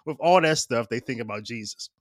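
A man's voice: medium pitch, animated, a little fast, dry recording, clean studio sound. A man preaching a casual, conversational homily, often checking in with his listeners and using plenty of fillers. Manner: chatty, keeps asking "right?" with fillers and laughs.

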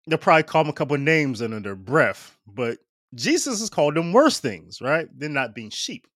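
Man, preacher, conversational sermon, animated intonation, dry close sound. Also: a little high, normal speed, no echo. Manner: chatty, keeps asking "right?" with fillers and laughs. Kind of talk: casual conversational homily.

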